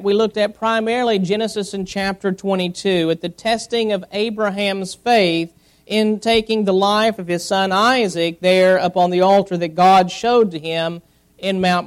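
A high-pitched man delivering a sermon. He explains scripture at an unhurried preacher's pace and stops now and then to read verses aloud. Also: clean tone. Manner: expository preaching with scripture reading. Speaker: pastor.

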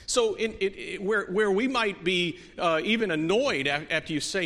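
A man preaching a sermon in a church, earnest, moving from soft, quiet stretches to emphatic peaks, with many restarts. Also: sits high, lively intonation, moderate pace, few pauses. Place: church sanctuary. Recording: long hall reverb.

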